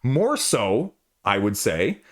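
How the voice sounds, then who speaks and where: A man's voice: fairly low pitch, sing-song, slow, fairly bright tone. A man reviewing a board game in a conversational way, asking rhetorical questions and making asides as he goes. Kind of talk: casual spoken review.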